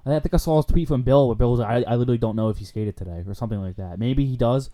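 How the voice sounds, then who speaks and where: A man's voice: mid-range voice, rapid-fire, warm tone. A young man co-hosting a sports podcast, chatting casually, swearing freely and laughing often. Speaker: podcast co-host.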